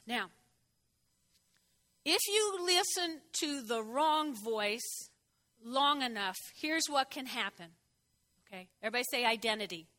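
A woman preaching a sermon in a high voice, talking with her congregation and having them repeat lines after her. Her tone is bright, and she leaps up in pitch to stress a point. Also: measured pace, long pauses. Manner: conversational, prompts the congregation to repeat phrases; expressive, jumps in pitch for emphasis.

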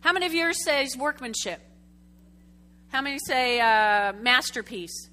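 A woman preaching a sermon to a congregation, telling a story with lively, chatty asides and questions to the room. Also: sits high, measured pace. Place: church sanctuary before a congregation.

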